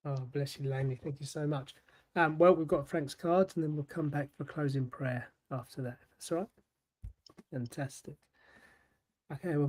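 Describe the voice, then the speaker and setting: A man hosts an online church service and moves it on to the next item. He speaks in a hesitant way, with plenty of "um"s and pauses. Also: medium pitch, a little mellow. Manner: hesitant, lots of "um".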